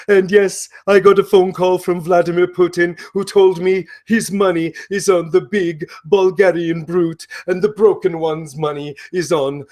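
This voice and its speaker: A man playing an erratic, grandiose wrestler who declares everything with theatrical pomp. His voice sits well above his natural pitch and grows loud and forceful. At times he drops into hushed whispers. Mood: boastful. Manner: bombastic, swings between shouting and hushed whispers. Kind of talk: comedic impression.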